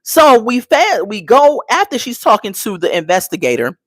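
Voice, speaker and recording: A woman breaks down a reality episode in a chatty, opinionated recap, acting out what the cast said. Her voice swoops up and down with lively pitch, and the sound is close and dry. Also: normal speed, slightly rough, no echo, rough recording. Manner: chatty and opinionated, acts out quotes; frequent "okay?" tags. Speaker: reality show reviewer. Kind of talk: casual recap commentary.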